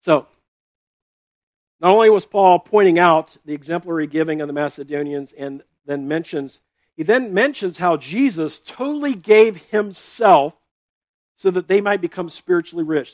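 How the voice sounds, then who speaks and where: A man's voice: a little high, no room sound. A man pastor giving a sermon in a conversational way, often checking in with "right?" and "okay?" and repeating words as he explains.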